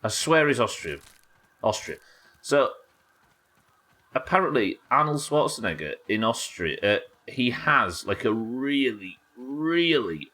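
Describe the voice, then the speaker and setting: A young man with a broad Yorkshire accent, commenting on his gameplay to a live chat. His voice sits low but moves a lot in pitch, and he drifts between muttered asides and livelier chatter, swearing casually. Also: fairly bright tone. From Yorkshire, England. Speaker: livestreamer.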